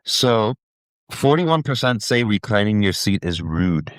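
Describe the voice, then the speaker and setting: A man's voice: lowish voice, very animated, measured pace, dry recording. A man co-hosting a podcast in casual chat, giving short reactions and reading out figures plainly. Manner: brief reactions, reads out stats plainly. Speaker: podcast co-host.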